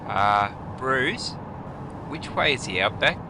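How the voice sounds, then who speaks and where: A man's voice: mid-range voice, lively intonation, slow, noisy background. A man with an Australian accent playing an easygoing Australian mate who teases his friend. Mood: teasing.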